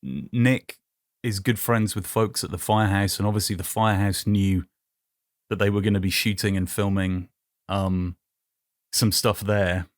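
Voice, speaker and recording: A man chatting casually as a podcast guest, relaxed and self-deprecating, often repeating words as he goes. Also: fairly low pitch, moderate pace, no room sound, clean studio sound. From United Kingdom. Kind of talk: casual chat.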